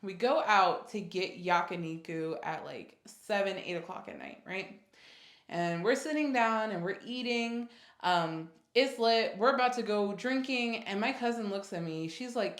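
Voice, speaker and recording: Young woman vlogger, casual animated storyteller, mid-range voice, echoey room. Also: mid-range voice, normal speed. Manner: animated retelling, acts out quotes, many fillers. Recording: roomy echo.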